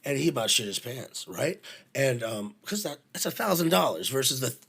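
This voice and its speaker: A production manager chatting casually, bluntly retelling a work story, swearing freely and playing both sides of each conversation. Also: male voice, medium pitch, big pitch swings, moderate pace, vocal fry, fairly bright tone, husky.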